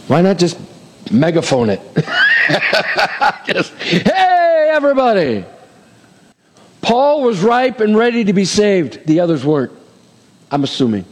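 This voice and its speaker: A pastor preaching a sermon, reading scripture aloud and acting out the characters with shifting voices. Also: male voice, a little high, a little mellow, big-room sound.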